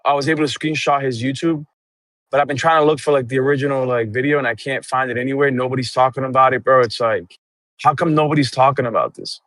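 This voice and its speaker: A man's voice: mid-range voice, steady tone, quick pace, fairly bright tone, no echo. Slangy man co-hosting a loose chat on a voice call, dry close sound. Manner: rambling, loose, slangy, says bro and dude a lot.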